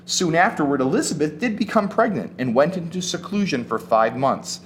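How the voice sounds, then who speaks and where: A man preaching a sermon as pastor, retelling scripture with animated emphasis and casual asides. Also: a little high, normal speed, slight background noise.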